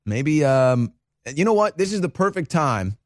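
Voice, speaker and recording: A man's voice: a little high, big pitch swings, unhurried, no room sound, clean studio sound. A man hosting a live show, giving emphatic, ranting political commentary. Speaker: host.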